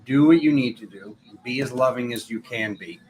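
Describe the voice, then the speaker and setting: A man doing tarot readings in a casual, rambling live stream, chatty and quick to poke fun at himself. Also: medium pitch, darkish tone, poor audio. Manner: chatty, rambling, self-mocking. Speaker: tarot reader.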